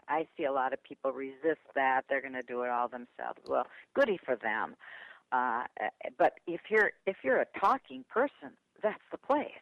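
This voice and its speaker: Older Midwestern woman guest, very lively pitch, heard over a muffled line. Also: dry recording. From Milwaukee, USA. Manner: lively, dramatic shifts of pitch and voice when retelling. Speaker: guest speaker and author. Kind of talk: animated storytelling interview.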